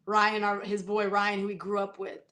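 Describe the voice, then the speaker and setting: A woman in casual conversation, talking in lively bursts with frequent restarts and asides. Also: mid-range voice. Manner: animated, talks in quick restarts and asides. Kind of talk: casual chat.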